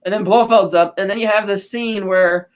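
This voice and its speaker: A woman co-hosting a podcast, casually recapping a film and quoting characters in quick asides. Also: mid-range voice, steady tone. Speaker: podcast co-host.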